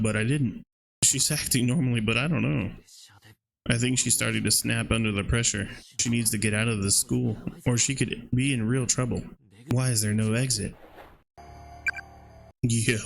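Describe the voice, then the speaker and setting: A man's voice: mid-range voice, gravelly, slight background noise. A man playing a horror game and reading its dialogue aloud, with casual, slangy reactions in between. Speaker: gaming video creator.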